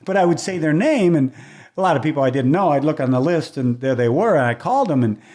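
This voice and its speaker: A man's voice: a little high, fast. An older man, a race announcer as a guest, telling stories from his career in chatty, casual conversation and acting out what people said. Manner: lively storyteller who acts out quoted dialogue; chatty, with restarts and throat clearing.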